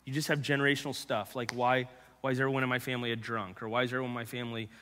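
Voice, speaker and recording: A male pastor giving an earnest personal testimony sermon, halting and repeating words, sometimes dropping to hushed tones. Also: mid-range voice, little pitch movement, slight background noise. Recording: long hall reverb.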